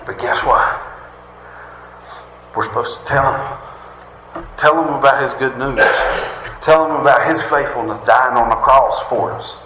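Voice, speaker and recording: A man's voice: medium pitch, steady tone, normal speed, pauses often, sharp tone, slight background noise. A man preaching a sermon, folksy and conversational, full of jokes and rhetorical questions. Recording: roomy hall reverb.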